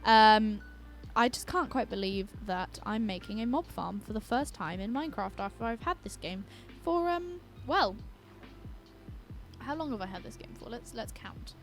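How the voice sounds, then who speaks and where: With a fairly high, animated voice at a moderate pace, a young British woman commentates her own gameplay as a YouTuber, rambling casually. She giggles and cuts off her swears, and her own song plays faintly in the background.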